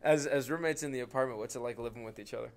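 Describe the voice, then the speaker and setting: A man's voice: mid-range voice, rapid-fire, noisy background. A man hosting a hockey team interview show, asking playful questions with stammered restarts. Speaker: host.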